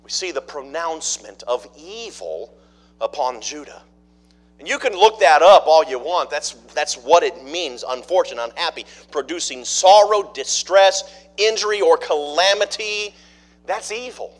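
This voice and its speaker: A middle-aged pastor with a high-pitched voice delivers a sermon. He keeps it conversational and stops to ask people in the pews questions. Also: lively intonation, unhurried. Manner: conversational preaching, asks the congregation questions.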